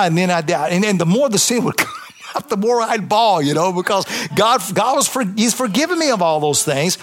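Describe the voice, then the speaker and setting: A man's voice: sits high, animated, brisk, fairly bright tone. A man, a pastor giving an impassioned, conversational testimony sermon to a congregation in church, with emphatic repetition.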